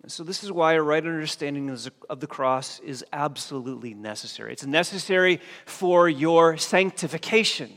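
A man's voice: fairly high pitch, normal speed, few pauses, a bit bright. A male pastor preaching a sermon in a church, pressing his listeners with emphatic questions. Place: church sanctuary. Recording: long reverb of a church hall.

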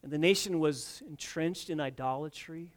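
Energetic male preacher with a fairly high voice. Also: normal speed. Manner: dynamic preaching, swells loud on key points then drops soft; retells scripture with acted quotes and asides to the congregation. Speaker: pastor. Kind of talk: sermon.

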